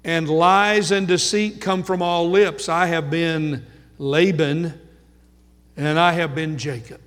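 Male pastor, higher register, slow and earnest sermon delivery, church hall reverb. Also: fairly even intonation, a bit bright. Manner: measured, earnest preaching with slow emphatic repetitions. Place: church sanctuary.

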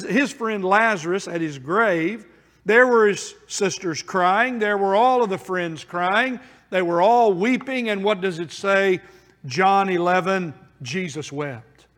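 Male preacher, earnest and pleading, high voice, long hall reverb. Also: a bit bright. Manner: earnest, pleading, with emphatic repetitions. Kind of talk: sermon.

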